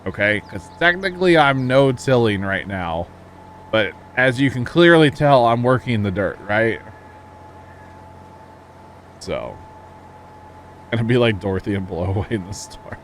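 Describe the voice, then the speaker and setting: Casual male streamer, lowish voice, easygoing explainer who talks to chat. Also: animated, unhurried, long pauses, a little hiss or hum. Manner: chatty, reads chat aloud, explains farming gear. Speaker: livestream host. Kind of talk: casual gameplay commentary.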